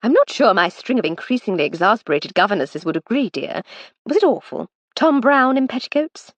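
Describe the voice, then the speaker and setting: Charming witty edwardian lady, a woman narrator voicing her, lively and a bit breathy. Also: on the high side, dry recording, pitched above the performer's own voice. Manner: brisk, teasing charm.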